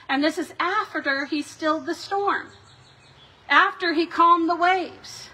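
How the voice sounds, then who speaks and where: A woman pastor delivering a sermon in a measured, reflective way, voicing the questions of scripture with drama. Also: very high voice, bright, forceful tone. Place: church sanctuary.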